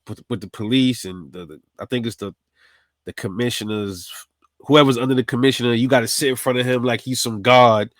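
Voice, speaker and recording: A man's voice: mid-range voice, no room sound. A man from New tells a personal story in casual, profane street talk. His mid-range voice is recorded dry and close. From New York City. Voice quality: streetwise, profane, animated retelling.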